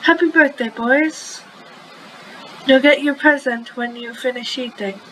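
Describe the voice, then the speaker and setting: A woman reading aloud and voicing a gentle mother who speaks in a soft, sing-song way. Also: high voice, a little slow, background noise. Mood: warm. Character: gentle caring mother calling her sons.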